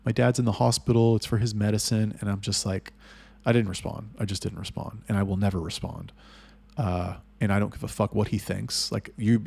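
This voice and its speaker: A man with a fairly low, gravelly voice talks through a business story in an unscripted monologue. He is blunt and swears constantly, and his voice climbs and gets louder when he replays arguments. The sound is dry and close. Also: no echo. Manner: blunt, heavily profane storytelling; rising loud and heated when retelling arguments. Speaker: agency owner telling business stories. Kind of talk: casual monologue.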